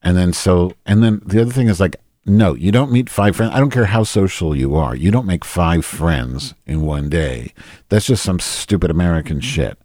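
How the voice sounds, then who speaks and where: A man's voice: low-pitched, expressive, normal speed, darkish tone, no echo, studio quality. A man hosting a solo podcast in a rambling, profane, self-deprecating monologue. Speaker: podcast host.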